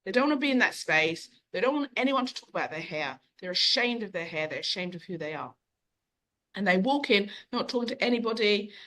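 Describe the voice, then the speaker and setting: A middle-aged woman who owns a bookshop, speaking as a podcast guest and telling long, animated stories. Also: medium pitch, fairly quick. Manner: animated, long-winded storyteller who acts out quotes. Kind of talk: conversational storytelling.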